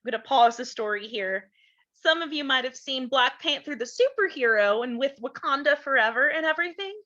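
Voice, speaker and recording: A woman reading a storybook aloud to children, stopping to explain things gently to her young listeners. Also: high-pitched, expressive, a little fast, muffled recording.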